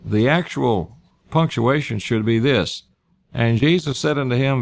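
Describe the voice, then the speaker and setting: A man's voice: medium pitch, a little slow, creaky. A man preaching a sermon, reading scripture aloud and retelling it in everyday words. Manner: reads scripture aloud and paraphrases it in plain speech.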